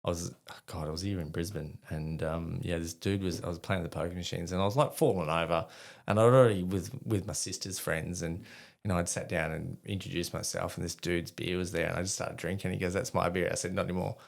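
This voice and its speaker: Australian man, middle-aged, deep, gravelly, casual rambling storyteller, swears freely, laughs at himself. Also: fairly even intonation, quick pace, hardly any pauses. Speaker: guest, army veteran.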